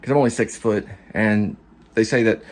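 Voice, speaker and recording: A man's voice: on the low side, steady tone, normal speed, darkish tone. Rambling man chatting in a vlog. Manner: rambling, drifts from topic to topic. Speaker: actor and vlogger. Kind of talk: casual vlog chat.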